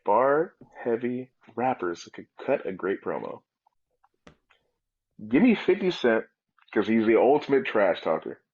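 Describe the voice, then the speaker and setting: A man talking casually as a guest in an interview, joking and telling animated stories. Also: mid-range voice, unhurried, pauses often, no echo, highs cut off. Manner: joking, animated storytelling with comic voices. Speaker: wrestler guest.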